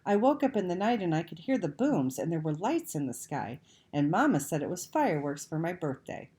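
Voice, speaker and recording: A woman's voice: fairly low pitch, very animated, fairly quick, warm tone, husky. A woman voicing a stubborn five-year-old girl in a storybook reading, pouting and insistent. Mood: wailing, stubborn. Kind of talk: read-aloud storybook acting.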